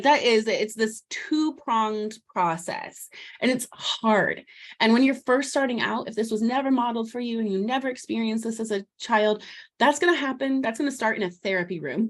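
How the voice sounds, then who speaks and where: A woman guest in a parenting interview, explaining child development in lively, talkative bursts, often slipping into a gentle voice to model what a parent says to a child. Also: a little high, moderate pace. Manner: animated, warm explaining, acts out soothing words to a child; frequent restarts and fillers, laughs lightly.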